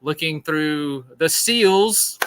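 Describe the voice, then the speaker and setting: A man's voice: on the high side, extremely slow, fairly bright tone, smooth, low-quality recording. A man hosting a live stream, chatting casually and laughing at his own corny jokes. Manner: joking, rambling, laughs at own puns. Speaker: podcast host.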